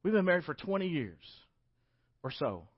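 A man, preaching a sermon and acting out scripture in lively voices. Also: a little high, moderate pace. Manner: animated, acts out scripture voices. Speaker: pastor. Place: church sanctuary. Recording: dull lo-fi church recording.

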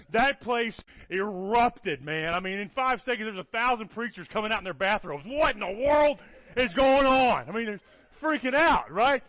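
This man's voice is extremely high in pitch as he delivers a storytelling sermon as a guest preacher. He's lively and keeps asking "okay? all right?", captured in a dull, dry lo-fi recording with no echo.

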